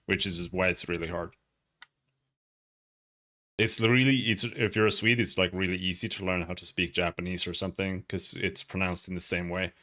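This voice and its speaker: His voice is low yet bright and forceful as the young Swedish-accented streamer talks loosely and rambles during a gaming livestream, throwing in the odd swear word.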